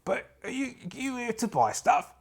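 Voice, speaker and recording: A man's voice: very high voice, sing-song, normal speed, vocal fry, pitched above the performer's own voice, heavily acted. A man voicing a cheeky male duck adventurer in a solo tabletop role-play, with a matey, wheedling sales patter. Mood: chummy.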